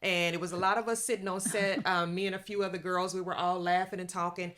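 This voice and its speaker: A woman's voice: lowish voice, little pitch movement, fast talker, a bit bright. A woman, a guest background actor, telling her story in an easygoing way. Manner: easygoing, laughs as she tells. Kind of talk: casual storytelling.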